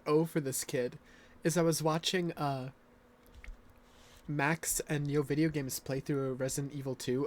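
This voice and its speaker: A man's voice: on the high side, darkish tone. A man streaming a game, chatting casually, laughing at what he sees and swearing freely. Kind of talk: casual chat.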